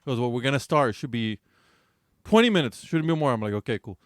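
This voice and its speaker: A man's voice: medium pitch, rapid-fire, dry recording, studio quality. Profane man telling a wild story. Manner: animated, profane, laughing storyteller. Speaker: podcast co-host. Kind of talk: casual chat, storytelling.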